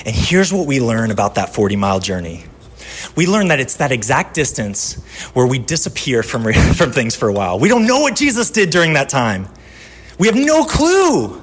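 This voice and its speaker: A man pastor giving a sermon in a conversational style, telling personal stories and dropping from lively to hushed. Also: a little high, husky.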